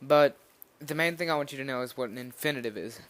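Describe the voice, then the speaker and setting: A man's voice: mid-range voice, fast talker, a bit bright, no echo. A nervous young man giving an informal spoken language lesson, rambling a little with fillers and restarts as he explains. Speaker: language teacher.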